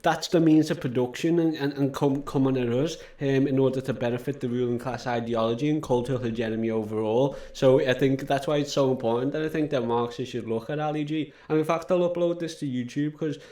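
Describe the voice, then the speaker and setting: A man hosting a podcast, talking loosely and excitably in a mid-range voice. He swears freely and chats in a relaxed, rambling way. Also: mid-range voice, brisk, few pauses. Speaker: podcast host. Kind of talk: casual reaction chat.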